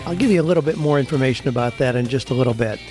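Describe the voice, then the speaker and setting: A man's voice: mid-range voice, very fast, darkish tone, faint music behind. A man hosting a radio show, telling a story and then talking in a conversational way. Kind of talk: storytelling and casual radio talk.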